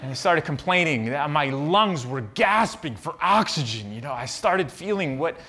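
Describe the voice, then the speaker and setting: A man's voice: on the high side, expressive, normal speed, pushed and bright, slight background noise. A man preaching a sermon, telling a personal story and turning it into earnest reflection. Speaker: pastor.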